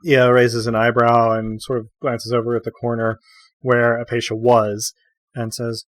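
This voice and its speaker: A man's voice: mid-range voice, monotone, normal speed, dry recording. A man narrating as game master for a tabletop role-playing game, describing scenes with frequent fillers.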